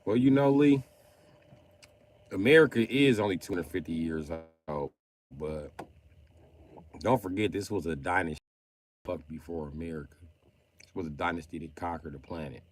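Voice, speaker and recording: Streamer, male, very low voice, boastful profane rant. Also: normal speed, pauses often. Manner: loud, profane, boastful ranting. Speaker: livestreamer. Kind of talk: livestream rant.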